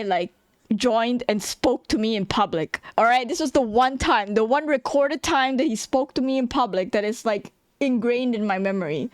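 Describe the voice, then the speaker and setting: A young adult woman casually telling a story about her school days, animated, laughing often and swearing freely. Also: high voice, dry recording.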